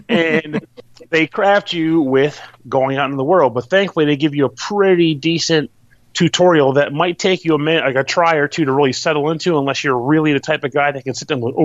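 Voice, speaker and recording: A man's voice: a little high, normal speed, no room sound, muffled recording. A man casually explaining how a game works, rambling, restarting, and swearing now and then. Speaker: podcast host reviewing a game.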